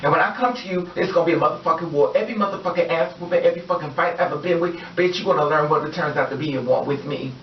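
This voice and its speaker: A woman's voice: low voice, very fast, few pauses, a little hiss or hum. A woman vlogger ranting in a heated, profane and emphatic way. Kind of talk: personal vlog rant. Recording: echoey, distant, dull-sounding room recording.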